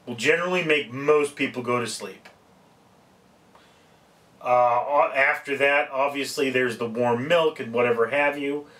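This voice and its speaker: A man's voice: medium pitch, a bit bright, far from the mic. A man giving casual, rambling, folksy advice in a home vlog, often breaking off mid-sentence to correct himself. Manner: rambling, folksy, self-interrupting. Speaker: vlogger.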